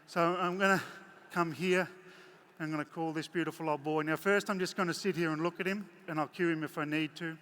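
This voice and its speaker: A man's voice: on the high side, fairly even intonation, brisk, a bit bright. A man giving a live horse-training demonstration in a large arena, chatting folksily and doing playful voices for his horses. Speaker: horse clinician. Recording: echoey arena with faint crowd noise.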